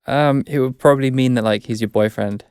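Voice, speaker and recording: A young English man with an English accent, chatting casually as a guest, hesitant and self-correcting, quick to laugh. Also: mid-range voice, a little mellow, smooth, no room sound, studio quality. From England. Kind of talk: casual chat.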